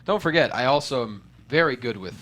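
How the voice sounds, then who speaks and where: A man's voice: medium pitch, animated, a little fast, a bit bright. A man co-hosting a film news podcast, joking and upbeat in casual chat. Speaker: podcast co-host.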